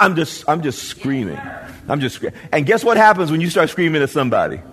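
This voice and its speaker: A male pastor preaching a sermon to a congregation, building to shouts and trading call-and-response with the listeners. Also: fairly high pitch, wildly swooping pitch, fast talker. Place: church before a congregation.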